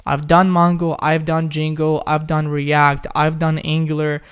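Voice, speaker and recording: A man's voice: on the high side, monotone, unhurried, smooth. Chatty young man hosting a live Q&A. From Ukraine. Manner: chatty, reads chat questions aloud, says "guys" often. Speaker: live stream host. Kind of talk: casual live Q&A.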